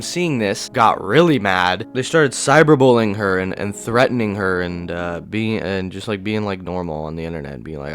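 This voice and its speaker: A man's voice: medium pitch, fairly bright tone. Sarcastic, foul-mouthed man ranting. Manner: crude, sarcastic, rambling with frequent swearing. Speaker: commentary YouTuber. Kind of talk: casual cartoon commentary vlog.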